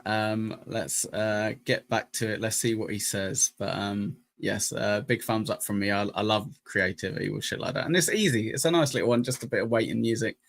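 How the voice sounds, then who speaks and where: A man's voice: fairly low pitch, fairly even intonation, moderate pace, creaky, few pauses, fairly bright tone. A man with an English accent hosting a live stream, chatting casually, joking and thanking donors. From England. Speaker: streamer host reacting to clips.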